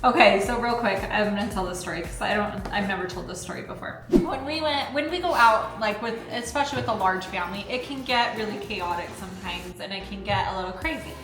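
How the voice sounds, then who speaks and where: A woman's voice: medium pitch, fairly quick, few pauses. A woman in her thirties, a mother and channel host, chatting casually while eating and telling stories with lots of "like"s and restarts. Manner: chatty, many likes and restarts, animated storytelling. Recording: echoey room with music behind.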